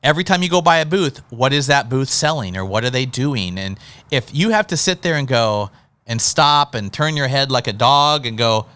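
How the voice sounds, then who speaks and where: A male interview host with a bright, crisp voice, recorded close and dry. He chats casually and tells animated stories, acting out little scenes as he talks. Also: medium pitch, normal speed, no echo. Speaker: podcast host.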